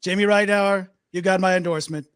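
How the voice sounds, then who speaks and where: A man's voice: high voice, fairly even intonation, brisk, fairly bright tone, clean tone. A man doing a blustering politician. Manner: repetitive, boastful rally speech. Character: blustering male political candidate. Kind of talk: comic impression.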